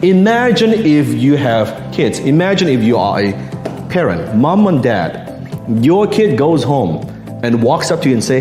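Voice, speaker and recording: A man giving a motivational talk on sales, lively and theatrical, acting out the people he describes. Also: measured pace, reverberant, long reverb tail, music in the background. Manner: animated, acts out voices with big pitch swings. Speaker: sales coach.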